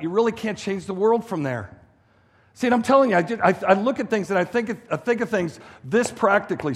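High-pitched preaching man, echoey hall. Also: breathy edge. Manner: emphatic, repetitive preaching with restarts. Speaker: guest pastor. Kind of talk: sermon. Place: church hall.

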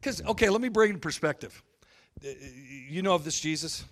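A pastor preaching a sermon, telling funny stories bluntly and acting out the voices of the people in them. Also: male voice, high voice, brisk, a bit bright. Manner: humorous storytelling, acting out quoted voices; blunt and folksy.

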